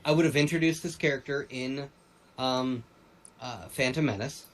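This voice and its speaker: A man's voice: medium pitch, normal speed, slight background noise, poor audio. Rambling man on a chat show. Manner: rambling, with repeated restarts. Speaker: podcast co-host. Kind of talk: casual pop-culture chat.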